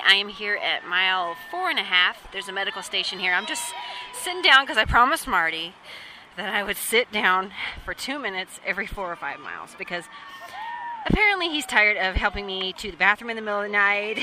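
A woman recording a podcast outdoors during a marathon, chatty and laughing. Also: medium pitch. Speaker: podcast host. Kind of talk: field recording mid-race. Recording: outdoor street noise.

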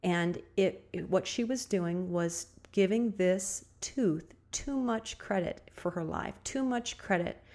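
A middle-aged woman with a slightly low voice hosts a motivational talk show. She speaks earnestly and leans on repeated phrases, slowing right down to stress them. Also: darkish tone. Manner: earnest, repetitive, emphatic with slow stressed phrases. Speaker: podcast host. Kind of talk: motivational monologue.

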